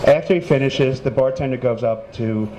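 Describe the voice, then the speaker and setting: A man's voice: medium pitch, normal speed. A man telling a joke on stage in a dry, matter-of-fact way. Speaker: joke teller. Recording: noisy bar ambience.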